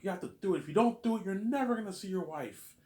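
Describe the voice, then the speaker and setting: A man's voice: sits high, lively intonation, quick pace, darkish tone, voice pushed up. A man voicing a domineering, demanding middle-aged stepmother who gives insistent commands. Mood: commanding. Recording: echoey room.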